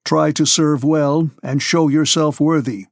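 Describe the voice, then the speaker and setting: A man voicing a haughty older nobleman who speaks curtly and in a flat, indifferent tone. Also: a little high, normal speed, vocal fry, no room sound, clean studio sound. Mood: aloof. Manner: monotonous, curt, condescending.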